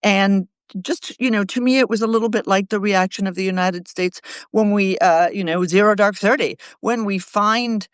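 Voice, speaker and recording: Animated, sarcastic woman commentator on a video call. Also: medium pitch, moderate pace, clear, resonant tone, dry recording, studio quality. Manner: animated and sarcastic, with jokey asides. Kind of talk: casual political commentary.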